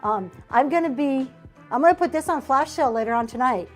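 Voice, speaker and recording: Woman, live-stream seller, chatty, slightly high voice, gushes over items, faint music behind. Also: animated, fairly quick. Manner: says "y'all" and "um" often. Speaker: online reseller hosting a live auction show. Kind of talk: casual live-stream sales pitch.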